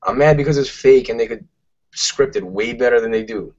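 A man's voice: mid-range voice, fairly quick, a little mellow. A man, co-hosting a casual podcast, ranting emphatically and swearing a lot. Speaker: podcast co-host. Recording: muffled lo-fi podcast audio.

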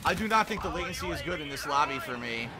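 A man's voice: a little high, expressive, fast talker, a loud crowd. A man giving frustrated, swearing commentary over his own gameplay. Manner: frustrated, swearing, ranting at the game. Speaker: gaming commentator. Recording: faint gunfire behind voice. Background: game gunfire and explosions.

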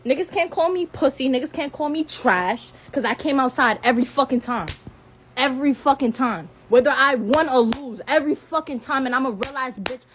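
A young woman of eighteen with a high voice vents on a live stream. She circles back to the same defiant lines again and again and curses freely. When her anger peaks, she stumbles over her words. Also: a little fast, a little hiss or hum. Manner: heated, profane, repeats phrases, stutters when upset. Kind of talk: angry rant on a live stream.

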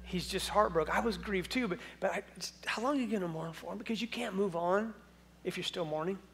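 A man putting on a soft, gentle God. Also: sits high, fairly quick, vocal fry, slight background noise. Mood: tender. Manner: soft, easygoing and kindly questioning. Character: gentle, loving God speaking softly to a grieving prophet.

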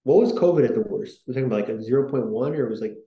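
A man's voice: medium pitch, expressive, rapid-fire, reverberant, muffled recording. A man hosting a podcast, talking in a casual, rambling way with many fillers and restarts. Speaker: podcast host.

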